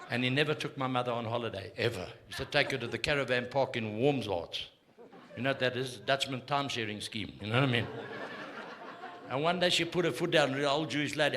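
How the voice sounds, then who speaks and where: On a theatre stage before a laughing live crowd, a man in his sixties with a South African accent performs crude, needling stand-up, brash throughout. His voice is medium-pitched with a fairly bright tone.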